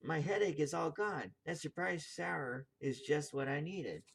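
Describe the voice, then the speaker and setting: Man voicing woman guest of honor, higher pitched, emphatic, storybook. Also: unhurried, creaky, husky, full character voice. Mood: weary to glad. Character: woman guest of honor, headachy then delighted.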